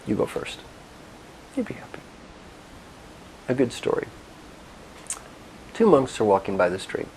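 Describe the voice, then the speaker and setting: Expressive gravelly male speaker. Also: medium pitch, a little hiss or hum, low-quality recording. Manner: expressive, directive, with soft pauses. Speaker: motivational speaker and coach. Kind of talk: guided reflection and storytelling talk.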